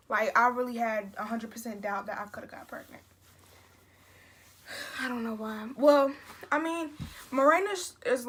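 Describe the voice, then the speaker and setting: A young woman talks straight to camera in a casual storytime vlog. She rambles and restarts her sentences, piling up fillers as she relives an emotional story. Her voice sits a little on the high side. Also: pushed and bright. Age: young adult. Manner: chatty, emotional retelling with many fillers and restarts. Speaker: vlogger.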